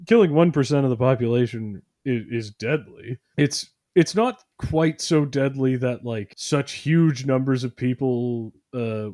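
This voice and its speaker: A man's voice: medium pitch, warm tone, no room sound, studio quality. A man co-hosting a podcast, rambling in casual chat with lots of fillers and sarcastic mock voices. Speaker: podcast co-host.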